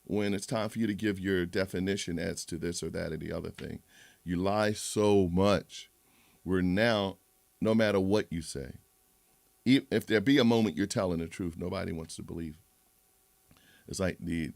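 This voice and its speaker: A man's voice: low voice, normal speed, gravelly, darkish tone, no room sound. A man hosting a livestream, rambling and moralizing in a casual monologue with many restarts. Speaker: livestream host.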